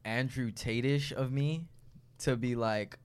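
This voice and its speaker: A man's voice: mid-range voice, slow, clean tone. A young man co-hosting a podcast in casual chat, laid-back and slangy with lots of "like".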